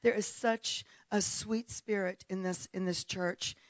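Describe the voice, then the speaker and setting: A woman's voice: mid-range voice, steady tone, a little slow, dry recording, dull audio. Chatty woman preacher at the pulpit. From South Africa. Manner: warm, chatty, laughs often. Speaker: guest preacher. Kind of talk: sermon opening. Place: church pulpit.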